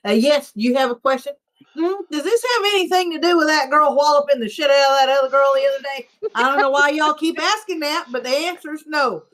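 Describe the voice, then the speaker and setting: Brusque Southern coach with a drawl, as a woman does the voice, pitched a bit high. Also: a little fast, a bit bright. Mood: defiant.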